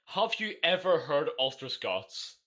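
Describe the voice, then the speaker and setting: A speaker from Northern Ireland with an animated pitch reacts with disbelief in a casual chat. Questions often swing up high. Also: unhurried.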